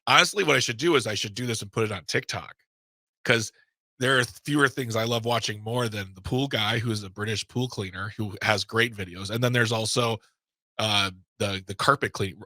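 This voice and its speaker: A man's voice: mid-range voice, fairly quick, sharp tone, dry recording. A man co-hosting a radio talk show, bantering in a playfully defensive way. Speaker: radio co-host.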